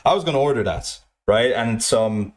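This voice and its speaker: A man's voice: medium pitch, lively intonation, fairly quick. Male storyteller with a mid-range voice, rambling and profane, mimics other people's lines. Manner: repetitive, profane, restarts often, mimics others. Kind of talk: rambling anecdote.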